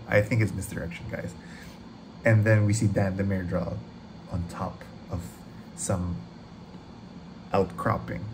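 A man hosting a trailer reaction video, gushing excitedly, rambling and swearing freely. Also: fairly low pitch, background noise.

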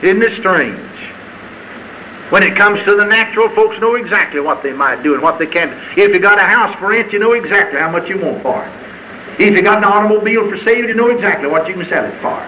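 A man preaching a sermon in a fervent, folksy style, with sudden high shouts. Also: animated, a little fast, rough recording. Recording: archival sermon tape with faint hiss.

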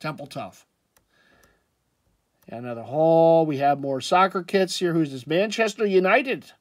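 A man with a slightly high voice talks his way through sports jerseys in a loose, rambling vlog. He drifts between comments and throws in jokey asides. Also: measured pace. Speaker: sports jersey collector vlogger. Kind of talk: casual commentary.

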